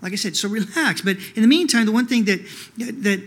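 A man with a high voice preaching a sermon from the pulpit. He talks conversationally, with plenty of "you know" fillers. He keeps asking his listeners rhetorical questions. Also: a little fast, fairly bright tone. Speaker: pastor.

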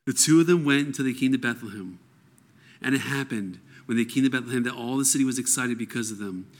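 A man's voice: mid-range voice, fast. A man reading scripture aloud and explaining it verse by verse in a conversational teaching style. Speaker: Bible teacher.

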